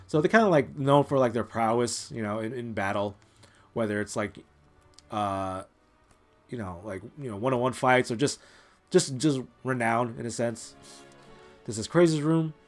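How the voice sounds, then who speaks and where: A man's voice: medium pitch, normal speed, soft background music. A man hosting a let's play, giving casual, rambling commentary full of fillers as he plays a game. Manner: rambling, full of "like" and "you know".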